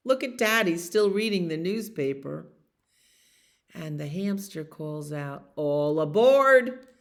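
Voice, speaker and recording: A woman librarian reading a bedtime story aloud to children, gentle and expressive, with chatty asides. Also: lowish voice, a little slow.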